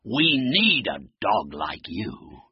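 A man voicing a pack of gruff male husky sled dogs in a children's story. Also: on the low side, huge pitch swings, slow pace, no room sound, full character voice. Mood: admiring. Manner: gruff, then panting. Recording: dull, muffled recording.

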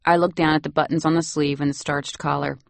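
A woman narrating a novel in the first person, wry and lively. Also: low-pitched, fast talker, vocal fry, no echo. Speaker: audiobook narrator.

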